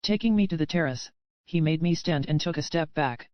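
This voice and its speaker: A man reading a first-person romance audiobook in an even, measured way. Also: a little high, clear, resonant tone, no echo, highs cut off. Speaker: audiobook narrator. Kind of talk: scripted first-person narration.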